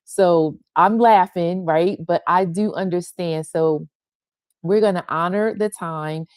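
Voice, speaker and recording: A woman's voice: fairly low pitch, slow pace, no echo. A middle-aged woman leads a casual online women's gathering from her sun porch. She talks to viewers over a video call, greeting each by name with affectionate enthusiasm. The sound is dry, with little room around her voice. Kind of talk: casual welcome and chat with viewers.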